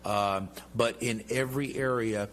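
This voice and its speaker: A man's voice: on the low side, fairly even intonation, unhurried, a bit bright. A middle-aged man being interviewed as a guest congressman, talking in an emphatic, boastful and jovial way. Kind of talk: interview talk.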